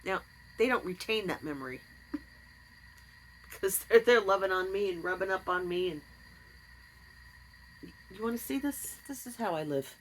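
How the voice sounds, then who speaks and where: A woman's voice: medium pitch, lively intonation, normal speed, pauses often, low-quality recording. A woman in her fifties talking candidly on her vlog, earnest with wry asides. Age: 50s. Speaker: vlogger. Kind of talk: personal confessional vlog.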